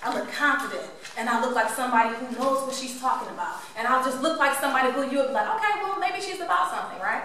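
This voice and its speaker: A woman tells her story to a live audience in a high, lively voice. She is playful and keeps asking the room questions. The sound is echoey and distant, with faint room ambience behind her. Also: fast, hardly any pauses, slight background noise. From Cleveland, Ohio. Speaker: motivational speaker.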